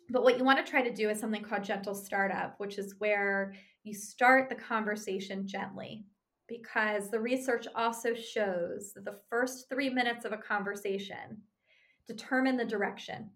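Animated woman explaining in a conversational way. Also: a little high, moderate pace. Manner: conversational, animated, frequent tag "right?". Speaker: relationship therapist. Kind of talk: explanatory talk on couples communication.

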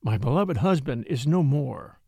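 A man voicing a grieving elderly widow in a storybook reading, speaking low, slow and solemn. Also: animated, vocal fry, a little mellow, slightly rough, no room sound, exaggerated voice. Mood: solemn grief.

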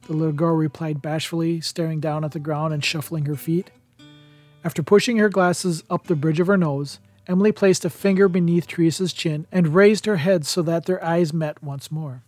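A man reading a chapter of a holiday novel aloud as a podcast narrator, in a steady, even storytelling manner. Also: on the high side, brisk, no echo, faint music behind. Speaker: podcast reader. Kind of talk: audiobook narration.

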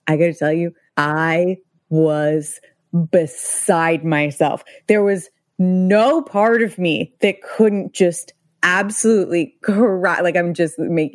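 Casual podcast co-host, woman in her thirties, lowish voice, dry close mic, laughs through her stories. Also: dry recording. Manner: animated storytelling, laughs often. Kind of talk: casual chat.

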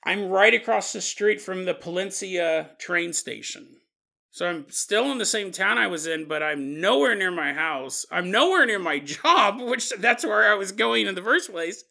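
A baffled, exasperated man just released by aliens, as a man puts him on fires off incredulous questions. The voice sits a little higher than plain talk, bright and gravelly. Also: expressive, unhurried, heavily acted. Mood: recounting. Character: bewildered abducted man, exasperated and confused.

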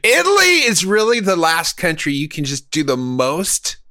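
A man co-hosting a podcast in casual chat, crude and laughing, breaking into loud joking bits. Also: fairly high pitch, expressive, moderate pace, dry recording, studio quality. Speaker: podcast co-host.

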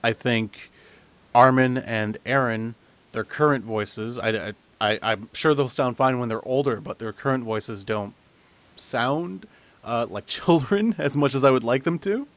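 A man's voice: medium pitch, unhurried, a bit bright, dry recording. A man hosting a casual anime review podcast, chatty, with frequent restarts and laughs. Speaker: podcast host.

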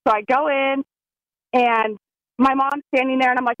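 A young woman telling a story in casual chat, excitable and full of "like"s. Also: high voice, moderate pace, long pauses, no room sound, muffled recording. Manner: excitable, many "like"s.

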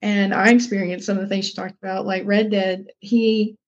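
A woman's voice: mid-range voice, flat delivery, normal speed. Chatty young woman, lo-fi sound. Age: young adult. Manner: chatty, lots of fillers and laughs. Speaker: podcast co-host. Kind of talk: casual chat.

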